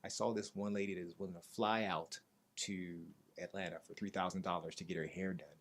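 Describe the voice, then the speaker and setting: A middle-aged man with a low-pitched voice hosts a relaxed talk show. He speaks casually, then grows lively and energetic when he gives shout-outs. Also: a little fast. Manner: animated, hyped during shout-outs. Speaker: show host. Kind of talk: casual interview chat.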